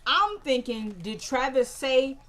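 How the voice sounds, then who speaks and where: A woman's voice: sits high, lively intonation, takes it slowly, fairly bright tone. A woman casually recapping a TV drama episode, retelling scenes by quoting the characters and filling the gaps with "like" and "you know".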